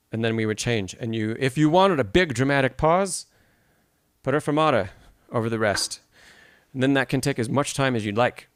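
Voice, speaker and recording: A man's voice: medium pitch, clean tone, no echo, clean studio sound. A man teaching piano in a live-streamed masterclass, explaining notation, answering chat questions and singing rhythms aloud.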